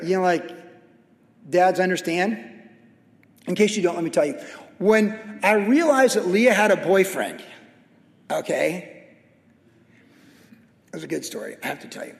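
A middle-aged man preaches casually, weaving in funny family anecdotes. His voice sits high, and a long hall reverb trails behind each phrase in the church hall. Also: big pitch swings, unhurried, vocal fry, long pauses. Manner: conversational, anecdotal and humorous. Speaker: pastor. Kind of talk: sermon.

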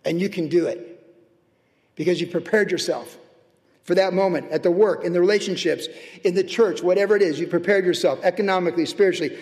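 A man preaching a sermon as pastor, swinging between loud, animated highs and hushed, tender lows. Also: fairly quick. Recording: long reverb of a large hall.

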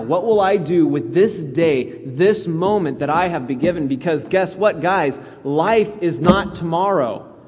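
A man's voice: on the high side, a little mellow, big-room sound. A male pastor preaching a conversational sermon, acting out quoted voices as he goes.

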